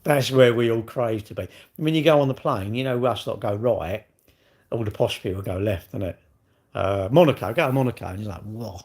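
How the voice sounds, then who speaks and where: A middle-aged British man hosts a livestream, chatting casually and rambling his way through viewers' questions. His voice is mid-range, brisk, and a little mellow.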